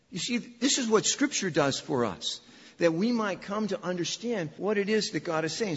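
Male preacher, emphatic and repetitive, dry humor; husky tone, long church reverb. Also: a little high, very animated, moderate pace. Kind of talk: sermon. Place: church sanctuary. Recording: dull echoey church recording.

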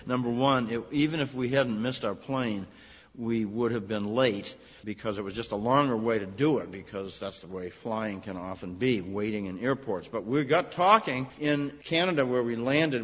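A man, a minister, preaching a sermon in a conversational storytelling way, rising to emphatic high points. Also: husky. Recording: long reverb, dull lo-fi sound.

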